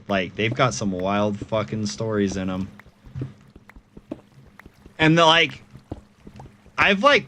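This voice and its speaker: A young man rambles to his stream chat while gaming, amused and profane, breaking into laughs at his own tangents. His voice sits on the low side, with a faint hum of room ambience behind him. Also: bright, forceful tone.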